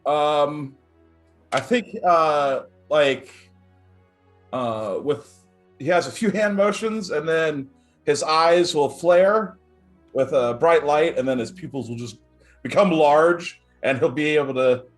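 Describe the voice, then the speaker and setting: Man, tabletop player, hesitant, slightly high pitch, faint music. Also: expressive, slow pace. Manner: hesitant, thinking aloud. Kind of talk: casual tabletop game chat.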